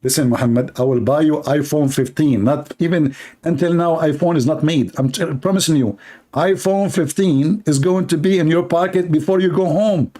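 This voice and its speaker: A man with an Arabic accent voicing a male angel who calmly reassures and coaxes. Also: fairly high pitch, normal speed, pitched above the performer's own voice, natural voice. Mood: coaxing.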